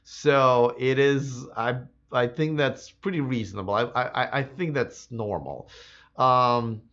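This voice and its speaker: A man hosting a live electric car stream, answering viewer comments in a casual, chatty way, slightly hoarse. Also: mid-range voice, unhurried, a bit bright, dull audio. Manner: casual and chatty, many fillers and restarts. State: slightly hoarse, losing his voice.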